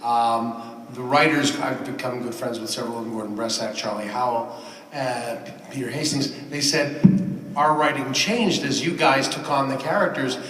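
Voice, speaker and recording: A man on a convention panel answering a question in a measured, earnest way. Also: mid-range voice, a little hiss or hum. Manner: measured, earnest, lets his sentences trail off softly. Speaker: voice actor panelist. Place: large convention hall. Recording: echoey hall, miked from far off.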